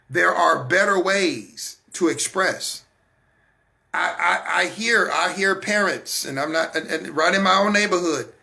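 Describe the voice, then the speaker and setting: Gravelly, high-pitched American man preaching. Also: pushed and bright. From United States. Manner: emphatic and repetitive, addresses listeners directly. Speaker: host of a Christian broadcast. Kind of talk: sermon-like teaching talk.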